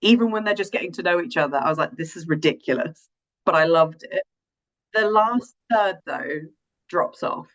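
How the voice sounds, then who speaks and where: A woman hosting a casual film-review podcast, chatty and quick to laugh, sometimes hunting for the right words. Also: lowish voice, fairly bright tone. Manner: chatty, giggly, searches for words. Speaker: podcast host. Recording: slightly dull, lo-fi sound.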